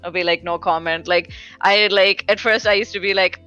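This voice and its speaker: A woman's voice: medium pitch, steady tone, normal speed, hardly any pauses, pushed and bright, clear, resonant tone, highs cut off, faint music behind. A woman with a slight foreign accent, chatting casually as a podcast guest and rambling with lots of "like"s. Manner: rambling, filler-heavy, frequent "like". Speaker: podcast guest, fighting game commentator. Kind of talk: casual chat.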